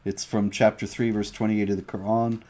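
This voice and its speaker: A man's voice: fairly low pitch, flat delivery, moderate pace, warm tone. A man co-hosting a livestream, explaining points emphatically and reading out viewer chat comments. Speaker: co-host of a livestream show.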